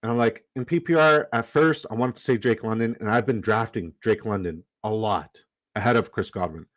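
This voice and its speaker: A fantasy football draft streamer gives casual livestream commentary as he drafts, reading chat aloud and swearing casually, in a lowish voice at a slightly fast pace.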